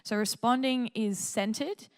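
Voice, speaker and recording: A young woman with an Australian accent giving a sermon from a church stage. She talks in a chatty, joking way, often laughs, and breaks into lively quoted asides. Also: a little high, unhurried, smooth. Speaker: church speaker.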